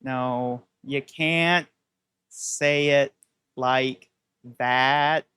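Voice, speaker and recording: A woman's voice: a bass voice, fairly even intonation, very slow, fairly bright tone, smooth, no room sound, studio quality. A woman streamer giving casual game commentary with wry, chatty, sarcastic asides. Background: faint game music.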